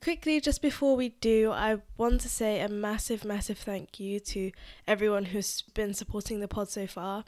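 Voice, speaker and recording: A woman's voice: medium pitch, steady tone, moderate pace, darkish tone. Woman podcaster, blocked-up nose, nasal, rambly casual chat. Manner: chatty, uses filler "like" often. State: congested, nasal voice from illness. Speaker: podcast host.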